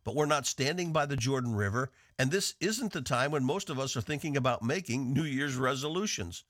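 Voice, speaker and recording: A man from the northeastern United States teaching a devotional on the radio in an earnest, measured way. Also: mid-range voice, animated, fairly bright tone, no room sound, clean studio sound. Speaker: radio Bible teacher and host.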